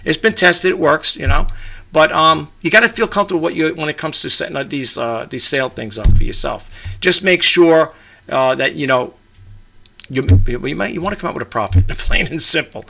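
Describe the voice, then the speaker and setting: Gravelly, bright-voiced middle-aged man rambling. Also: on the high side, lively intonation, moderate pace, slight background noise. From New York, USA. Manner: rambling, full of fillers and restarts. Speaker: eBay reseller vlogger. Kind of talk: casual talk to camera. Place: home room with a grandfather clock.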